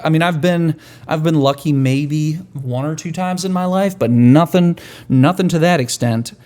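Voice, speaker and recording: A man hosting a podcast in a casual monologue, rambling and profane with wry, dark humor. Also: a little high. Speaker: podcast host.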